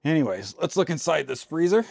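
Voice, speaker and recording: A man's voice: on the high side, very animated, fairly quick, creaky, darkish tone, no room sound, clean studio sound. Folksy man grumbling through a chore. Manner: grumbling, talks to himself while working; folksy and informal. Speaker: RV vlogger. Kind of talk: casual vlog talk. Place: inside an RV. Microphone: handheld mic.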